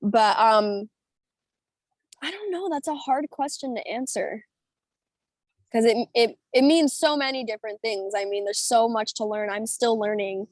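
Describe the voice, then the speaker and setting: Talking over video, a young American singer in an interview spins rambling, animated stories full of laughter and filler words. Her voice is a bit high and unhurried, with no audible room sound.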